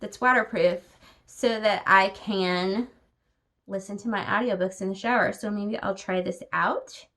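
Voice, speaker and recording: A woman's voice: mid-range voice, steady tone, unhurried, a bit bright. A young woman vlogging at home, chatting casually and with opinions about books she has been reading, with many filler words. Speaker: book vlogger. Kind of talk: casual vlog chat. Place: home at night.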